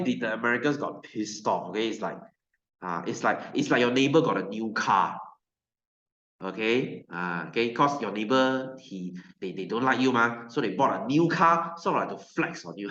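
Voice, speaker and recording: A man's voice: medium pitch, fairly bright tone, roomy sound, highs cut off. A man with a Malaysian English accent, teaching a science class in a loose, joking way and putting on mocking voices. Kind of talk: classroom lecture.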